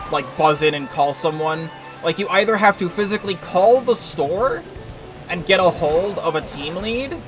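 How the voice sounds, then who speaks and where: A man streaming a racing game, chatting casually and telling a rambling work story with lots of filler words and the odd swear. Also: a little high. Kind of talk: casual gameplay commentary and storytelling. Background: game music.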